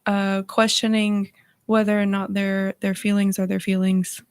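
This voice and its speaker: Woman counselor, radio talk guest, even delivery, dry studio sound. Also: medium pitch, clear, resonant tone, dry recording. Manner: measured, explanatory, uses fillers. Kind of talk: radio talk show conversation.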